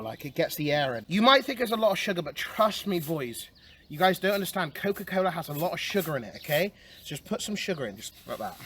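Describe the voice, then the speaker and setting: A young man streaming a casual outdoor vlog, excitable and chatty, who keeps calling his viewers boys and swings between mumbling and yelling. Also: fairly high pitch, slight background noise. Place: outdoor garden.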